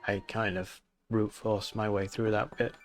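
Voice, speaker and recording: A man streaming a game, thinking aloud in a low-key, casual way. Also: little pitch movement, measured pace, soft background music.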